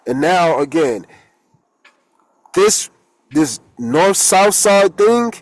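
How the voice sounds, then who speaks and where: A man's voice: on the high side, animated, drawn-out words, pauses often, rough recording. A man, a holistic coach, giving a rambling, casual spiritual talk and swearing when he gets heated.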